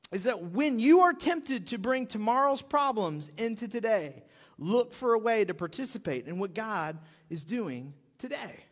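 A man preaching a sermon in an animated, pleading and joking way to his congregation. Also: high voice, big-room sound. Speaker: pastor.

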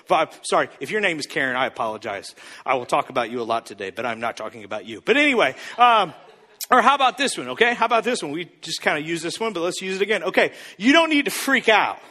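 A man preaches with a very high, bright, forceful voice that rises and falls in wide swings as he acts out the people he quotes in comic voices. The sound rings through a large hall with a long reverb behind it. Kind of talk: sermon.

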